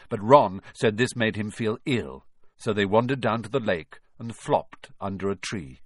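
A man narrating a storybook in an expressive, lively reading. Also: fairly low pitch, no echo, studio quality. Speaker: audiobook narrator.

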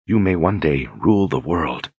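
A man voicing a soft-spoken, demure young noblewoman duchess in an audiobook, courteous and flattering. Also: extremely low pitch, moderate pace, husky, no echo, lo-fi sound, full character voice. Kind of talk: audiobook character reading.

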